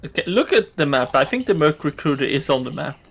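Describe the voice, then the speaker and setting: A man's voice: a little high, sing-song, a little fast, a bit bright. A man chatting in a laid-back way while playing a video game with friends. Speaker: gaming streamer. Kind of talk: casual game commentary.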